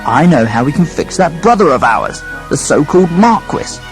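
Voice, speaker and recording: A man's voice: mid-range voice, expressive, brisk, a little mellow, soft background music, natural voice, rough recording. A man voicing a jealous, scheming eldest brother who is a miller, blustering and sneaky. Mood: excited.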